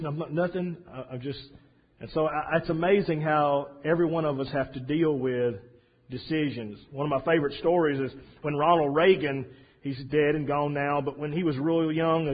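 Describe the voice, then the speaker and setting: Husky middle-aged preacher. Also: male voice, on the high side. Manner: halting, with many fillers and restarts, soft and tender. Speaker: pastor. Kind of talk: sermon. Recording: dull lo-fi recording.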